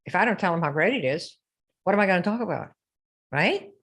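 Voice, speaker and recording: A woman's voice: fairly low pitch, lively intonation, fairly quick, fairly bright tone, husky. A woman running a live online sales coaching session, peppering listeners with questions and mocking typical sales posts. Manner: rhetorical, keeps asking the audience questions; mocking sing-song when quoting sales posts.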